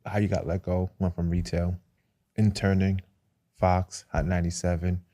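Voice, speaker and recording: A man from Brooklyn, hosting a casual interview podcast and talking in an animated, slangy way with frequent laughter. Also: low voice, normal speed. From Brooklyn, New York. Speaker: podcast host.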